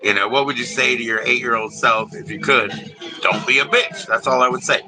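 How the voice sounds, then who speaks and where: A man's voice: mid-range voice, fairly quick, over music, low-quality recording. A man hosting a livestream, ranting in a profane, rambling and heated way. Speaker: livestream host. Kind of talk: casual livestream rant.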